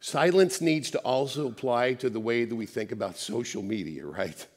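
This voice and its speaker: A man preaching a conversational sermon, often restarting words and dropping soft for emphasis. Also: medium pitch, normal speed, long reverb tail.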